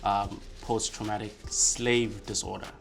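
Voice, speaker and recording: A man in a casual group discussion, speaking haltingly and often restarting his sentences. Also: fairly low pitch, little pitch movement, gravelly, music in the background. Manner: halting, many fillers and restarts. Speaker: podcast co-host.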